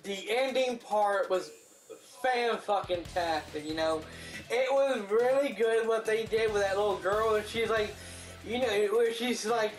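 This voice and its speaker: Rambling, profane movie reviewer in an echoey room. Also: mid-range voice. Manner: rambling, profane retelling with many restarts; acts out characters' lines in a raised voice. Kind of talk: casual spoken movie recap. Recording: roomy echo, faint music behind.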